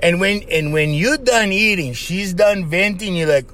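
A man hosting a podcast, giving casual advice in an animated monologue, laughing often and acting out little voices. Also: high-pitched, a little slow. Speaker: podcast host.

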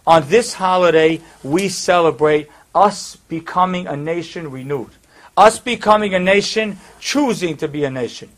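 High-voiced man telling a sermon story. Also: normal speed. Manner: conversational, with fillers and asides.

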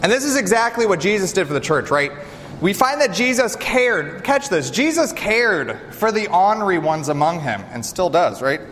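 A man preaching a sermon, animated and direct, often asking the congregation rhetorical questions. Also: sits high, moderate pace, slight background noise. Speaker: pastor. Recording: reverberant hall with faint ambience.

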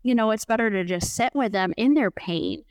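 A middle-aged woman with a smooth, resonant voice talks openly on a podcast. She sounds candid and reflective, and she tells her story plainly. The recording is close and dry. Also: a little high, animated, moderate pace, no room sound. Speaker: podcast guest. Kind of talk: candid conversational chat.

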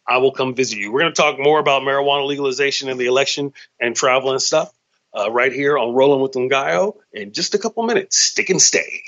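A man's voice: medium pitch, fast talker, fairly bright tone. A man hosting his own show, riffing in a loose, profane comedic monologue. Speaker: podcast host, comedian. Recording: slightly dull lo-fi sound.

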